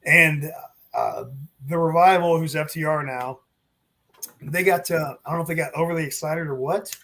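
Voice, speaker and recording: A man's voice: a little high, moderate pace. A man, a former wrestling referee, telling stories in a casual interview, acting out what others said to him. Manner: animated, acts out quotes with swearing and laughs.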